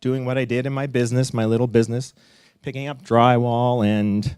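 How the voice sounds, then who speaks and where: A middle-aged man tells his own story to a live audience, his voice sitting at an ordinary middle pitch. He is lively and blunt, jumping up high when he acts out other people's lines. The sound is dry and close, with almost no room around it. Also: fairly quick, clear, resonant tone, dry recording. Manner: animated, acts out quotes with big pitch jumps, laughs and swears. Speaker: storyteller on stage. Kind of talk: personal story told live. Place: live event stage.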